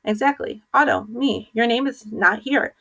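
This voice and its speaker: A woman's voice: fairly high pitch, moderate pace, creaky, a bit bright, pitched above the performer's own voice. A woman reading aloud, voicing a bossy, hot-tempered schoolboy who barks orders at his friend. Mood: snappish. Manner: snappish, barking orders. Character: bossy, hot-tempered schoolboy running a dog-walking business.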